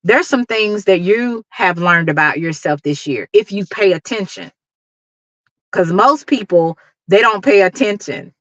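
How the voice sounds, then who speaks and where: A woman's voice: medium pitch, animated, unhurried, no room sound, lo-fi sound. A middle-aged woman with a Dallas accent, giving an emphatic, preachy motivational talk to her livestream viewers and laughing often. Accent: Dallas, Texas. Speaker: YouTube livestream host.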